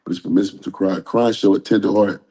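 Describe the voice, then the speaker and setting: A man's voice: fairly low pitch, steady tone, fast, mellow. A man speaking as an interview guest, talking candidly and earnestly in a rambling, conversational way. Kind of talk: casual interview talk.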